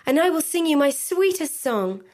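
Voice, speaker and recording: A woman's voice: a little high, a little slow, darkish tone, breathy edge. A woman voicing a small female nightingale, tender and longing, with a lilting, yearning delivery, over faint music in a storybook reading. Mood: pleading.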